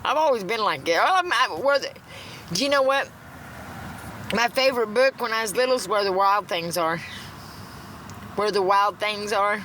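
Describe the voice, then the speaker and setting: A woman's voice: medium pitch, normal speed, pauses often, a bit bright, a little hiss or hum. A middle-aged woman ranting to a phone in a blunt, profane, rambling way, recorded in a parked car. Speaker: TikTok livestreamer. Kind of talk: ranting casual monologue.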